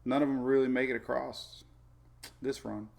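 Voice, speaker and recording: Male weather host, gravelly voice, mid pitch, loose rambling delivery. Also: fairly even intonation, normal speed, darkish tone. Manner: rambling, chatty, laughs often, many fillers. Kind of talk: casual live weather talk.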